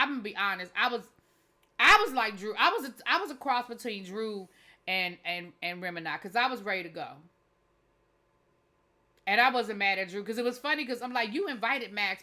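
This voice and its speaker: Young woman vlogger, bright and slightly high-pitched, candid, chatty recap of a reality show. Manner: chatty and candid, with loose informal grammar and frequent restarts. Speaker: TV show reviewer. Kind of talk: casual reality-TV recap commentary.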